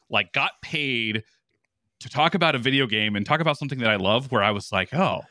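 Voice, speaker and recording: A man with an announcer-type voice, telling his story as a podcast guest in an energetic, casual way, with many restarts and fillers. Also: on the low side, no room sound, clean studio sound. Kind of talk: casual conversation.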